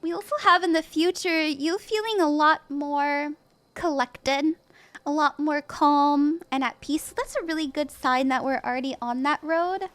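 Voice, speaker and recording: A young woman reading tarot on a live stream, gentle and reassuring, laughing easily. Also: sits high, measured pace. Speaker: tarot reader.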